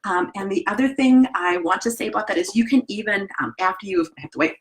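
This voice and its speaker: Middle-aged Wisconsin woman, lively piano teacher trainer, chatty and hands-on. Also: medium pitch, fast talker. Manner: chatty, animated, demonstrates as she talks. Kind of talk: live-streamed teaching talk. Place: home studio with piano and desk.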